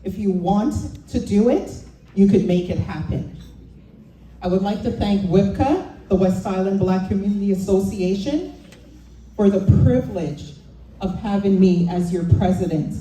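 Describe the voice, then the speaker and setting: A woman's voice: mid-range voice, unhurried, mellow, slight background noise. A woman giving a heartfelt, grateful acceptance speech at an awards event. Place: event hall. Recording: echoey hall, distant mic, faint ambience.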